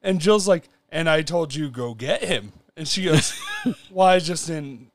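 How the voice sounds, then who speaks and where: A man's voice: a little high, lively intonation, a little slow, dry recording. A man co-hosting a podcast, telling a story animatedly, acting out quotes and laughing a lot. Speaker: podcast co-host.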